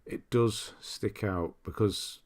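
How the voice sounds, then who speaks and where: A streamer host from northern England, with a mild accent, a fairly low pitch and a slow pace, runs a casual livestream. He reads viewer comments aloud and chats in a relaxed, rambling way, chuckling often.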